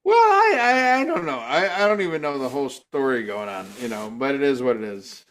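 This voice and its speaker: A man's voice: mid-range voice, sing-song, brisk, a bit bright. A man co-hosting a casual podcast, rambling, stammering and laughing often. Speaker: podcast co-host.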